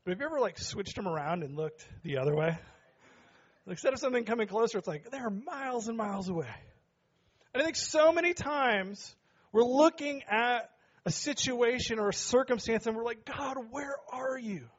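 Joking, high-voiced pastor preaching. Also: male voice, lively intonation, fairly quick, lo-fi sound. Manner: joking with the congregation, rising to shouts. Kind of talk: sermon. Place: church sanctuary.

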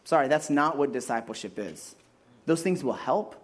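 A man preaching a sermon as a pastor, animated and acting out voices as he makes his points. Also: a little high, moderate pace.

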